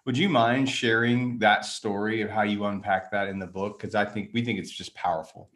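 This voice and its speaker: Male co-host, lowish voice, eager and encouraging. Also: steady tone, normal speed, fairly bright tone. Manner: enthusiastic, affirming, fills with "kind of". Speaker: podcast co-host. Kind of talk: casual interview chat.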